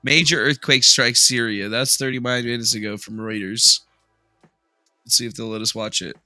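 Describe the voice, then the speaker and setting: A man's voice: mid-range voice, steady tone, normal speed, bright, forceful tone, faint music behind. A man hosting a livestream in casual chat, laid-back, swearing freely and joking as he scrolls through news. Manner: laid-back, profane, jokey. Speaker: livestream host.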